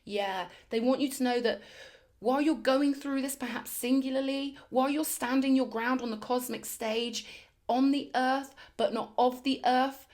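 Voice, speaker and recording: A woman's voice: sits high, fairly even intonation, normal speed, a little mellow. A woman doing a spiritual tarot reading, talking in emphatic, affirming bursts and repeating phrases for effect. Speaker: tarot reader.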